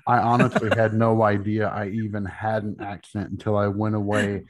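A man's voice: fairly low pitch, level tone, moderate pace. A man hosting a podcast, self-deprecating and hesitant, with many fillers. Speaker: podcast host. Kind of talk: casual podcast talk.

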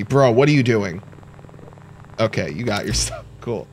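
Animated young man narrating a game. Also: fairly low pitch, slightly rough. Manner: joking, talks to himself, quick startled outbursts. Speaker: gaming YouTuber. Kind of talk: casual let's-play commentary.

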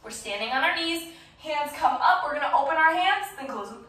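A woman with a high, fairly bright voice leads a children's yoga class, brisk and lively, her playful sing-song delivery full of encouragement. She's recorded from a distance in a very echoey room.

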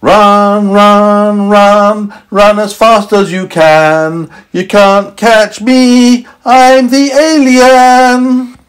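A man voicing a small, cheeky runaway alien in a high sing-song chant for a toddler's storybook. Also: animated, moderate pace, few pauses, fairly bright tone. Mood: taunting.

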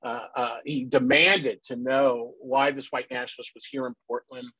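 A man speaking earnestly at a public panel, often pausing on "uh" and checking in with "right?". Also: mid-range voice, fairly even intonation, pushed and bright, slightly rough, no room sound, rough recording. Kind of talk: public talk. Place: based in the Pacific Northwest.

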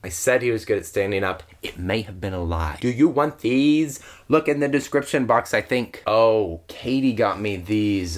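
A man hosting a casual unboxing vlog, gushing and giggling over each item and easily moved, in a chatty, excitable way. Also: fairly low pitch, normal speed, few pauses. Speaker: YouTuber.

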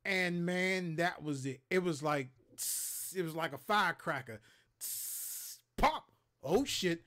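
A man's voice: fairly high pitch, unhurried. A man in his thirties from Maryland telling profane stories on a casual gaming livestream, acting out the other people's lines as he goes. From Maryland, USA. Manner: profane, animated storyteller who acts out other people's lines. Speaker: co-host of a gaming talk show.

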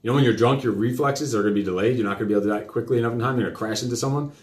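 A middle-aged man hosting a live talk show, lecturing his child in a fast, rambling way full of questions. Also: mid-range voice. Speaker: host. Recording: roomy echo.

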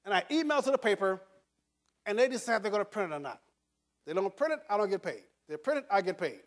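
A man's voice: high voice, big pitch swings, fast. An older man giving a motivational talk to an audience, speaking emphatically, repeating words and chuckling through his stories. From United States.

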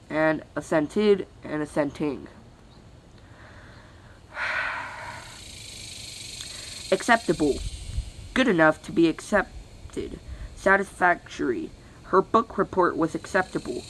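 Someone slogging through a dictionary out loud, real slow, tripping on words, sighing, faint hiss behind. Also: medium pitch, animated, low-quality recording. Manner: halting, stumbling over words with weary sighs. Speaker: channel host reading aloud. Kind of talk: reading a dictionary aloud.

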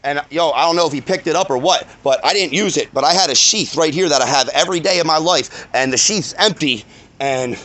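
A man's voice: fairly high pitch, fairly quick, a bit bright. A shaken, angry man swears a lot as he recounts a dog attack outdoors in a parking lot, filming himself on a phone. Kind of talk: agitated first-person retelling.

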